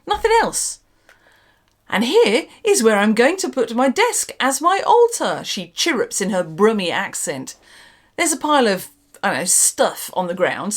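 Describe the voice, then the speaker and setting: A woman delivers a sweary, sarcastic rant to camera, her pitch leaping up and down as she lands each point. She sounds exasperated and speaks with an emphatic, animated delivery. It has the loose feel of a host venting on her own channel. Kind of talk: ranting commentary vlog.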